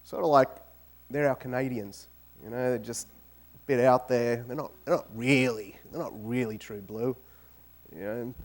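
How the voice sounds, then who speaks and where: An Australian man giving a lively, joking talk as a guest speaker to an audience in a university auditorium. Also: medium pitch, moderate pace. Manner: joking, animated storytelling.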